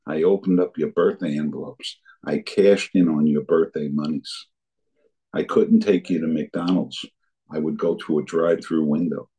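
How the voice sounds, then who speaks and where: An older man from the New Jersey area shares his recovery story as a personal testimony, earnestly acting out remembered conversations. His voice is extremely low, warm and husky, in a rough recording.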